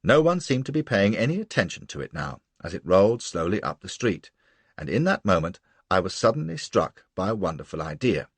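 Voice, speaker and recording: Brash male audiobook narrator, first-person, lowish and husky. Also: a little fast, no room sound. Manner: brash, boastful and lively.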